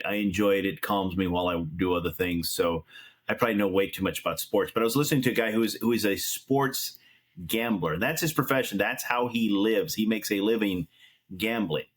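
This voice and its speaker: A man hosting a finance chat show, telling stories in an easygoing way and backing up his guest. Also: fairly low pitch. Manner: easygoing, storytelling, affirming. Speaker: show host. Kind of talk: casual chat.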